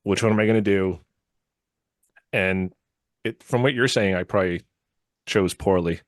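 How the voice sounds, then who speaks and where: A man's voice: deep voice, normal speed, dry recording. A man in his thirties co-hosting a podcast, joking and easygoing in casual chat. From United States. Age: 30s. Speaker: podcast co-host. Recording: dry close sound.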